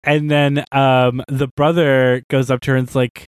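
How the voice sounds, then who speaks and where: A man brainstorming a story in casual talk, animated and rambling as he thinks out loud. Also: medium pitch, unhurried, clean tone, no echo.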